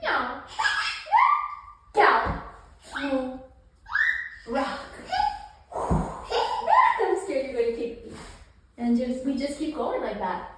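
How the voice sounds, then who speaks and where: A woman's voice: high-pitched, very animated, slow, long pauses, fairly bright tone, slight background noise. Woman teaching kids' yoga in an echoey room. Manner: playful and encouraging, imitating animal sounds. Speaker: children's yoga teacher and mother. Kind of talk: guiding a children's yoga session. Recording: very echoey room, mic at a distance.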